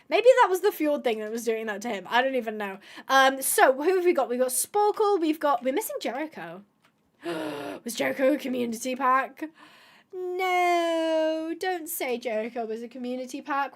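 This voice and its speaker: A woman hosting a gameplay video, chatting casually to viewers, thinking aloud with excited gasps and asides. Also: high voice, normal speed. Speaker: gaming video host.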